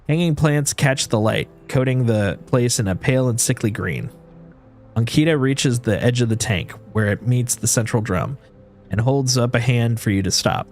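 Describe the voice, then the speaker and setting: A man reads a video game's story aloud in second person, in an even, mid-pitched voice that often stumbles and restarts mid-phrase. Faint game music plays behind him. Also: moderate pace. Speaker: streamer.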